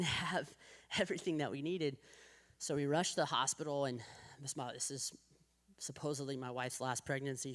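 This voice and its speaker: A man in his thirties giving a personal testimony at a church men's breakfast, talking conversationally with lots of "like" fillers and restarts, and acting out the voices of people in his story. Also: medium pitch. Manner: acts out quoted voices of his wife and the doctor.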